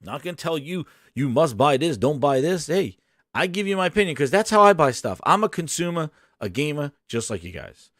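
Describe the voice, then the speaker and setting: A man hosting a casual live stream, hyped and shouting out viewers, his voice hoarse after a long day. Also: on the high side, sing-song, brisk, no room sound, studio quality. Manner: hyped, shouts out chat names.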